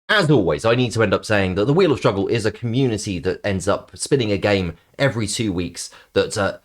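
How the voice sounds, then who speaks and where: A male streamer with a lowish voice that swings widely up and down as he chats. He rambles playfully, full of ums and mock-serious sarcasm, like he's hanging out with his live audience. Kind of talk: casual live-stream chat.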